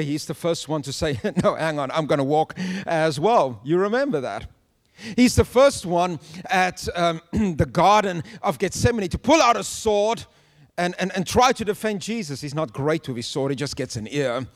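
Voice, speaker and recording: A man preaching a sermon to a congregation, animated and humorous, often laughing as he tells stories. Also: on the high side, big-room sound. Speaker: pastor.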